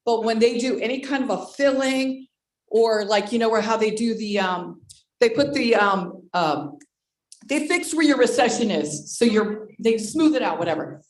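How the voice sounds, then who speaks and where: A woman in her sixties giving an animated personal testimony on a team video call, exclamatory and speaking straight to her listeners. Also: a little high, moderate pace, roomy sound, low-quality recording. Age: 60s. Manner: excitable, exclamatory, addresses listeners directly. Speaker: presenter at a network marketing team call.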